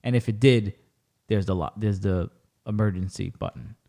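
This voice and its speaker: A man hosting a podcast, chatting casually and telling animated stories with plenty of swearing. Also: on the low side, normal speed. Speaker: podcast host. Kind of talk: casual chat.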